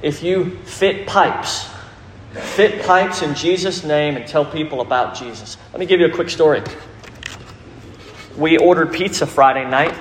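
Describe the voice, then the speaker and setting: A middle-aged man preaching a sermon, telling a story with animated delivery and acted quotes. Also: on the high side, a little slow, slight background noise. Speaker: pastor. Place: large church hall. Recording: echoey hall, faint ambience.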